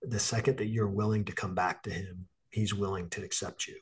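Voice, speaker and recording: Husky-voiced earnest man. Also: on the low side, fairly even intonation, a little fast. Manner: earnest, encouraging. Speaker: podcast host and dads' coach. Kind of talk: casual chat.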